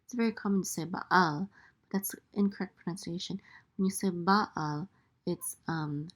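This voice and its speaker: A woman's voice: on the low side, normal speed. A woman teaching a Hebrew prayer lesson, translating word by word, hesitant and careful with frequent ums and self-corrections.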